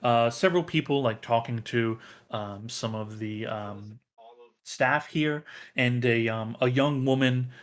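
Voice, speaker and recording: A man narrating as game master of a tabletop role-playing game, halting with many ums and uhs. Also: mid-range voice.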